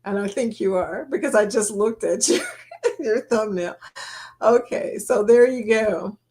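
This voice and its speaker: A woman's voice: mid-range voice, a little slow, a little mellow. A middle-aged woman, hosting a casual livestream chat, reading viewer comments aloud and laughing often.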